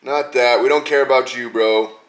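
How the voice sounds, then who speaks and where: A man's voice: medium pitch, steady tone, normal speed. A man hosting a podcast, ranting angrily and mockingly, with heavy swearing. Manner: profane, heated, mocking. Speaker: podcast host. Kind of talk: angry rant.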